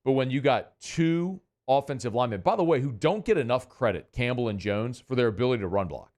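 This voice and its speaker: A middle-aged man holds forth on sports talk radio. He is folksy and chatty, speaking straight to his listeners in a voice of ordinary pitch. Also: lively intonation, brisk, a little mellow.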